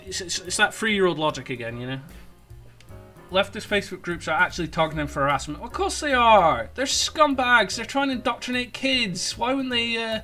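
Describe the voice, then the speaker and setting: A man's voice: high-pitched, animated, fairly quick, sharp tone, soft background music. A man ranting sarcastically in an online commentary video, with stumbling restarts. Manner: sarcastic, mocking, rambling. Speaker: political commentator.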